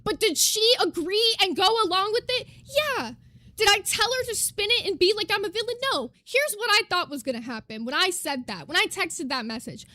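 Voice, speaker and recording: A woman's voice: very high voice, animated, brisk, few pauses, pushed and bright, no echo. A young woman streamer ranting to her live chat, emphatic, profane and indignant as she lays out her side.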